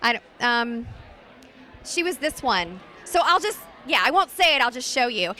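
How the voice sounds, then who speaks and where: A woman voice actress chatting in a bubbly, animated way during a convention interview. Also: a little high, normal speed. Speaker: voice actress guest. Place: busy convention floor.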